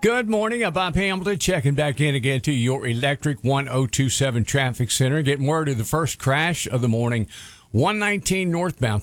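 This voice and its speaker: A man giving a brisk, informative traffic report on the radio. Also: medium pitch, no room sound.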